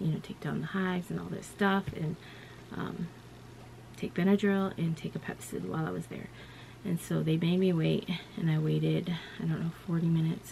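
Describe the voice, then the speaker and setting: A woman vlogger tells a rambling personal story in casual conversation, peppered with "like" and "you know." Her voice is low, gravelly, and mellow, and a faint hum lingers behind it.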